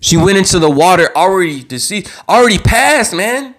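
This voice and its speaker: A man's voice: high-pitched, sing-song, normal speed, fairly bright tone. A man hosting his own live talk show, worked up and passionate, repeating words and swearing as he speaks. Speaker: show host. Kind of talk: impassioned live commentary. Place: own channel livestream.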